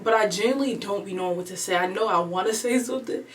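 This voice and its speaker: A woman in her twenties, chatting alone at home in a casual storytime vlog, animated and replaying her own thoughts aloud. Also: medium pitch, quick pace, distant mic. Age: 20s. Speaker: vlogger. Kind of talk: casual storytime chat to camera.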